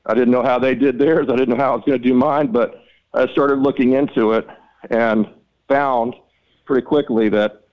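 Animated man telling a story. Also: normal speed, dull audio. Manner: animated, exasperated, reenacts dialogue with rising pitch. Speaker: podcast guest, mapping company founder. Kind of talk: storytelling interview talk.

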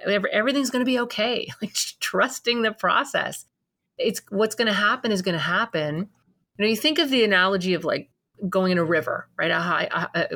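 A woman's voice: mid-range voice, fairly bright tone. A woman hosting a podcast, chatting casually, enthusiastic and affirming, talking in long run-on thoughts. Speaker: podcast host. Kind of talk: casual interview chat.

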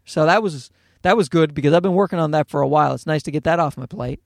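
A man telling a comedic story as a parent, animated and profane, with ranting asides. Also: on the high side, quick pace, gravelly, no echo, studio quality. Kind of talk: comedic monologue.

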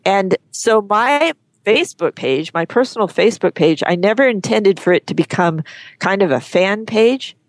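A woman guest on an interview show, talking frankly and chattily, often pausing and restarting her sentences. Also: mid-range voice, lively intonation, no echo. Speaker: guest, horse photographer. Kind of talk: casual interview chat.

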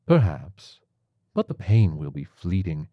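A soft-spoken tiger surgeon, voiced by a man in a spoken story. He sounds measured and clinical and stays gently matter-of-fact. The voice is deep and the sound is dry and close. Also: big pitch swings, husky, dry recording, phone-quality sound, heavily acted. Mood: calm.

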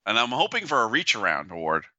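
Laid back podcast guy, lowish voice, really bright and punchy, kinda muffled lo-fi sound. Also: huge pitch swings, fast talker. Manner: laid-back, agreeable, echoes his co-host. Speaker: podcast co-host. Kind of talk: casual chat. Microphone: remote call. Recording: dull lo-fi sound.

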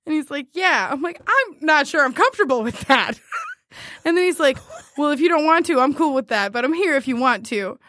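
Giggly, animated woman, high voice. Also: a little fast, a little hiss or hum. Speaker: podcast host. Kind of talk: casual chat, reading dating messages aloud.

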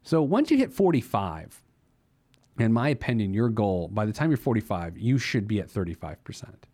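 The speaker, a man hosting a personal finance podcast, has a lowish, dark voice and sounds very animated at a moderate pace. He delivers money tips in a jokey, casual monologue, laughing at his own silliness.

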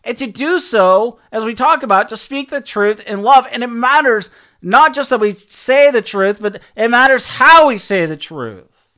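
A man's voice: extremely high pitch, lively intonation, measured pace, pushed and bright. A man preaching a sermon, telling a personal story and acting out both sides of the conversations, with frequent restarts and repeated words.

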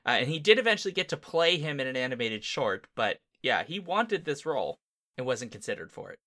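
A man with a bright, forward voice chatting on a movie podcast. He talks in a casual, enthusiastic way, his voice jumping up when he gets excited. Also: mid-range voice, fairly quick. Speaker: podcast co-host. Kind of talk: casual movie-review chat.

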